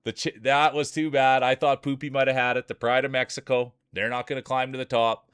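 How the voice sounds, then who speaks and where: A man from Canada hosting a live stream, chatty and excitable, laughing often and calling people "dude". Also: mid-range voice, a little fast, clear, resonant tone, no echo. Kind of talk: casual live-stream commentary.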